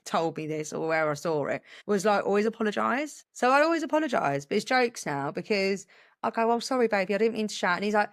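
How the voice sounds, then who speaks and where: A young woman, co-hosting a casual podcast chat and telling stories with lively acted-out dialogue. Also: medium pitch, quick pace. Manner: animated storytelling, acts out dialogue. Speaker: podcast co-host, parent.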